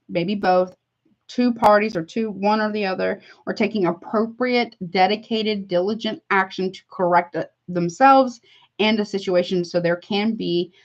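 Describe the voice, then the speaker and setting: A woman doing a casual tarot reading for her viewers, chatty and heartfelt, calling listeners honey. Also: medium pitch. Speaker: tarot reader. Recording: slightly dull lo-fi audio.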